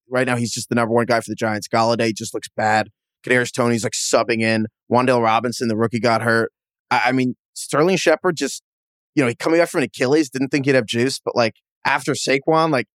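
New York man, podcast host, jokey quick chatter, middle pitch, dry close mic. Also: no echo. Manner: quick, joking, laughs often. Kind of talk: casual sports podcast chat.

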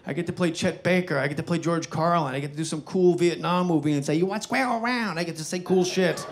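Animated, profane stand-up comedian, a man. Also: a little high, quick pace, a little hiss or hum. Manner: animated, profane, self-mocking. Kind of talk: stand-up storytelling. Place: stage before a live audience. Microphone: wearing a microphone. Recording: live stand-up with faint crowd.

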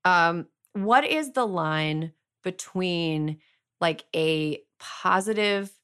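A woman's voice: on the low side, extremely slow, fairly bright tone, clean tone. A woman hosting a podcast, talking casually with lots of fillers and a playful tone. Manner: chatty, filler-heavy, playful. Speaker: podcast host. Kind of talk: casual chat.

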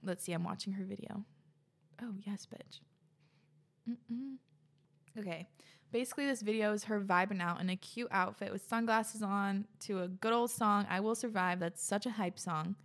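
A woman's voice: medium pitch, steady tone, fairly quick, hardly any pauses, a bit bright. Gushing young woman podcast host. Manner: gushing, chatty, many fillers. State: often out of breath. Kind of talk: reading listener messages and reacting.

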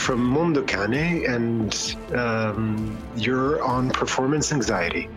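A man's voice: mid-range voice, lively intonation, measured pace, over music, poor audio. Rambling Lebanese man, laughing. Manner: rambling, laughing, fumbling his words. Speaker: guest musician. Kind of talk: casual conversation. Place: outdoors, walking in the countryside.

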